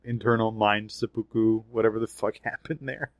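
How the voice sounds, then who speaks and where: A man co-hosting a casual podcast chat, animated, swearing and laughing between points. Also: fairly low pitch, moderate pace, dry recording. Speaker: podcast co-host.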